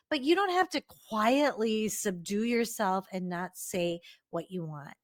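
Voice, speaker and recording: A woman's voice: medium pitch, lively intonation, a little slow, few pauses, no room sound. A middle-aged woman hosting a solo podcast, talking earnestly and encouragingly to her listeners in a close, reflective way. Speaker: podcast host.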